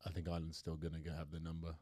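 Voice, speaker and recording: A man with a very deep voice co-hosts a laid-back rugby podcast, bantering about who will win. His delivery is loose and he restarts his sentences. The sound is close and dry. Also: completely flat delivery, racing, dark tone, dry recording. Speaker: podcast co-host. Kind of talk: casual chat.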